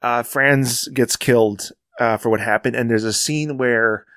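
A man's voice: medium pitch, steady tone, a bit bright, no echo. Guy on a film podcast getting emotional, lots of restarts, dry close mic. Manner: emotional, halting, many restarts. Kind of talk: casual film discussion.

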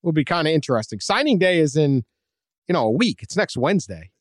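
A man's voice: fairly high pitch, big pitch swings, quick pace, dry recording, clean studio sound. A man hosting a casual sports podcast, conversational with wry jokes and trailing fillers. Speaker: podcast host.

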